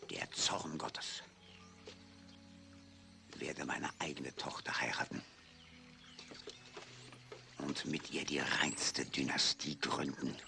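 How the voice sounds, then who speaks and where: A megalomaniac conquistador from a film, proclaiming in a very deep, gravelly voice with a slow, measured pace. The tone is sharp and forceful, and faint music plays underneath. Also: male voice, full character voice. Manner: slow, brooding, grandiose. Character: mad conquistador, grandiose and menacing. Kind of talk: film dialogue.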